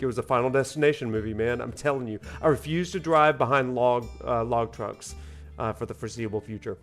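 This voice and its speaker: A man's voice: medium pitch, animated, fast talker, faint music behind. A man, a professor streaming a video game, chatting casually with viewers, rambling and laughing as he plays. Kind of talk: casual livestream chat over gameplay.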